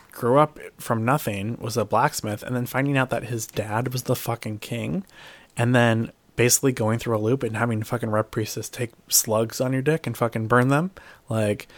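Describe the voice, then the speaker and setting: A man with a gravelly edge to his voice and a dead-dry, close sound. He's chatting casually about a show, cursing freely and acting out scenes with bits of quoted dialogue. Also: mid-range voice, no room sound. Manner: swears freely, animated retelling with quoted voices. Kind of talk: casual TV recap chat.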